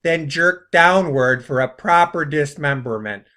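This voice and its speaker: A man voicing a bossy male demon instructor with a Chicago accent, loudly barking orders at a trainee. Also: fairly high pitch, a little slow. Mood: scolding.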